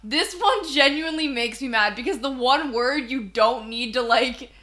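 A woman's voice: high-pitched, moderate pace, pushed and bright. A young woman co-hosting a podcast, chatting casually and teasing her friend, laughing often. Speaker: podcast co-host. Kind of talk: casual chat.

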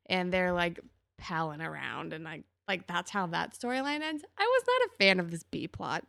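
A woman co-hosting a podcast, chatting casually through an episode recap and acting out characters' lines with big jumps in pitch. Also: big pitch swings, moderate pace, gravelly, fairly bright tone, no room sound, clean studio sound. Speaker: podcast co-host.

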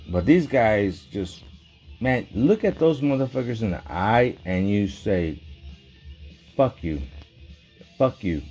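A man's voice: on the low side, mellow, breathy edge. A man delivering a rambling, profane, agitated monologue in casual talk.

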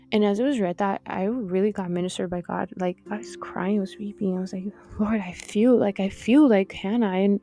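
A podcast host teaches from the Bible in a casual, heartfelt talk, her medium-pitched voice gravelly and warm. Her speech is full of fillers like "like" and "you know."

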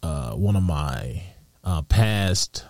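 A man with a very low, dark voice hosts a solo podcast, reflecting out loud at an unhurried pace. He pauses, restarts his thoughts and laughs softly to himself. The sound is dry and close. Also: lively intonation, dry recording. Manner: slow, musing, with soft laughs and restarts. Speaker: podcast host.

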